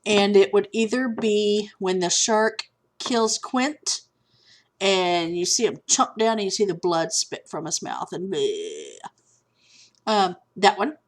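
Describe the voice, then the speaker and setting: A woman talks casually into her camera at home. Her pitch sits at an ordinary middle height for a woman. She is chatty and candid, and she drifts easily off track. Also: unhurried. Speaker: vlogger. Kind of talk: casual chat. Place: at home with a cat.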